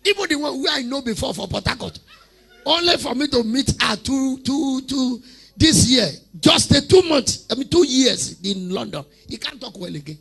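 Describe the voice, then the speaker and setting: A man with a Nigerian accent preaching a sermon, telling humorous stories with mimicked voices and shouting prayer lines for the congregation to repeat. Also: extremely high pitch, lively intonation, normal speed, gravelly, husky. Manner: humorous storytelling, mimics congregants, laughs often. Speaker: prophet preaching.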